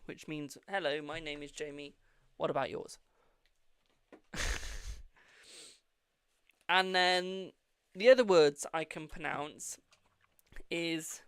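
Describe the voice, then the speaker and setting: British tarot streamer, gravelly, talkative and cheeky, swears, calls everyone darling. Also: medium pitch, lively intonation, a little slow, long pauses, a bit bright, no room sound. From United Kingdom. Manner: chatty, swears freely, calls viewers "my darling". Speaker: tarot reader hosting a live stream. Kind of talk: casual live-stream card reading.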